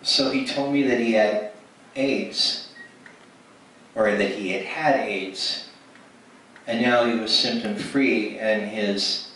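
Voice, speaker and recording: A man's voice: on the low side, fairly even intonation, takes it slowly, pauses often, fairly bright tone. A man giving a spoken testimony at a ministry gathering, storytelling with many restarts and acted-out dialogue. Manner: storytelling, acts out quoted dialogue with frequent restarts. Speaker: speaker at ministry event. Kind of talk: testimony sermon. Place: church hall. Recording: echoey hall from far off, faint noise.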